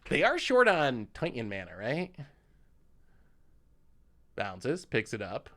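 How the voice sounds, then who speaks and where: A man's voice: mid-range voice, wildly swooping pitch, slow, a bit bright. A man streaming a card game, commenting live on each play, reacting to the opponent and thanking subscribers.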